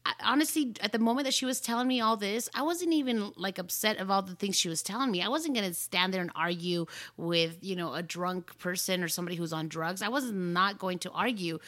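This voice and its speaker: A woman hosting a podcast, telling a story in casual chat with lots of animated "like" fillers. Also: medium pitch, brisk, hardly any pauses. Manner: animated, fills talk with "like". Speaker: podcast host.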